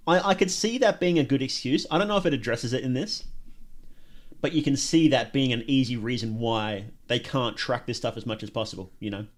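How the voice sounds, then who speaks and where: A man chatting casually as a streamer reacting to horror videos, joking and rambling, laughing often. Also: mid-range voice. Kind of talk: casual livestream reaction commentary.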